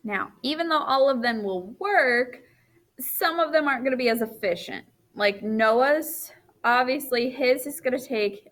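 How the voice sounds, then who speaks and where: Sleepy lady math teacher talking thru a lesson, counts out loud, catches her own mistakes. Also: fairly high pitch. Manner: talks while drawing, counts aloud, corrects own slips. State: tired, yawning. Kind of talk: recorded math lesson walkthrough.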